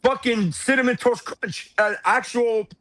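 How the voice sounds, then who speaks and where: A man's voice: very high-pitched, unhurried. A man co-hosting a podcast in casual chat, ranting with heavy swearing. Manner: profane, ranting and animated. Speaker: podcast co-host.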